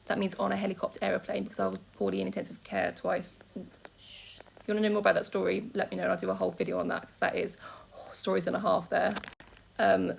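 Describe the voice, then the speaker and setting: Gravelly-voiced woman rambling fast. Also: medium pitch, a little hiss or hum, rough recording. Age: 30s. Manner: rambling, candid and heartfelt. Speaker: vlogger. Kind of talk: casual vlog monologue. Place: hospital room.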